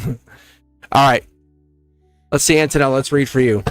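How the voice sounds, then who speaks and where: A man talks casually to his members during a live tarot stream, laughing often and acting out little exchanges as he goes. His pitch sits at an ordinary middle level for a man. Soft music plays faintly underneath. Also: normal speed. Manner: chatty and animated, laughs often, acts out quoted exchanges. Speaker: tarot reader and channel host. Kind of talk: casual livestream chat to members.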